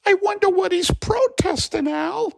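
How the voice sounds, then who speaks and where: A hoarse man doing a fretful gravelly housewife. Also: extremely high pitch, measured pace, dry recording, exaggerated voice. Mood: chiding, chatty. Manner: lively, nagging, talks over her husband. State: hoarse from bronchitis. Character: fretful chatty middle-aged housewife. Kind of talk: comedy sketch character voice.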